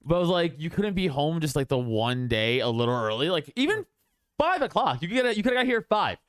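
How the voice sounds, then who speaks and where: A man's voice: on the high side, big pitch swings, quick pace, a bit bright, clear, resonant tone, no room sound, studio quality. A young man co-hosting a podcast, telling a story in casual chat, acting out quoted voices and laughing often. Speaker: podcast co-host.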